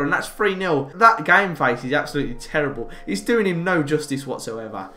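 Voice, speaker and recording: A young man with a Birmingham accent commentating his own football video game in a chatty, excitable way. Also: on the high side, moderate pace. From England. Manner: chatty, excitable, shouts at goals. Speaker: gaming YouTuber. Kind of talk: gameplay commentary. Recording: roomy with game music behind.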